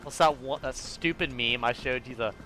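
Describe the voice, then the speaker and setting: A man's voice: medium pitch, bright, forceful tone, faint music behind. A young man casually commenting on a game as he plays, rambling, swearing freely and laughing often. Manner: profane, rambling, quick to laugh. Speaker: gamer playing through a game.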